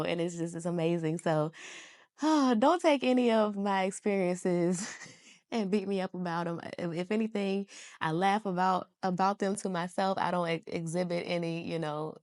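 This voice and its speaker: Sitting on her couch at home, a young American woman vlogs casually to camera, telling stories with animation. She often laughs and mimics what people said in a higher voice.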